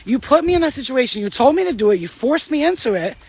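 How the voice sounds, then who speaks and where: A woman's voice: high voice, big pitch swings, fast talker, a little mellow, slight background noise. A woman delivering a brash, confrontational spiritual rant, swearing heavily. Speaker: spiritual vlogger.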